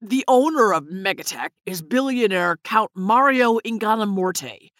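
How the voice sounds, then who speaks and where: A woman's voice: mid-range voice, lively intonation, a little slow, a bit bright, no echo. Nervous evasive scientist man, read by a woman, hesitant, dry storybook sound. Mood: confiding. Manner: backpedaling, hesitant.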